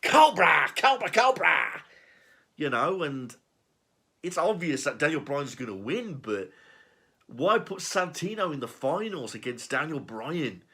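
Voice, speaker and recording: A man's voice: a little high, big pitch swings, a little slow, bright, forceful tone. Sarcastic man ranting and swearing. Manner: sarcastic, profane, exasperated. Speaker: wrestling show reviewer. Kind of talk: ranting review.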